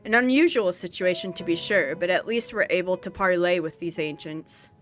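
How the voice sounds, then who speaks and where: A woman voicing a wry, practical male rogue with a brisk manner. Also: fairly low pitch, a bit bright, soft background music, lightly acted.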